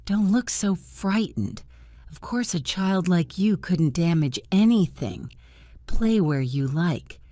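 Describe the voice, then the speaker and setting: A woman's voice: fairly low pitch, animated, slow, dark tone, no room sound, studio quality. A woman voicing a sad, distracted older man who speaks in a subdued, kindly way in a storybook.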